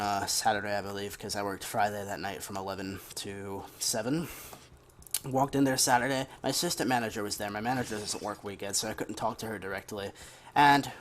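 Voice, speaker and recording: A young man telling a long story in a casual, rambling way as a gaming commentator. He vents his frustration and curses now and then. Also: fairly low pitch. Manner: rambling, venting, casual cursing. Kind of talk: casual storytime over gameplay.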